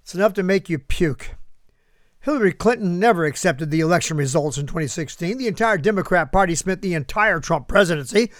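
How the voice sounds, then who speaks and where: Male commentary host, high voice, sarcastic asides, dry close sound. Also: animated, fairly quick, no room sound. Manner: sarcastic, talks back to an unheard listener. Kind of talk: political commentary.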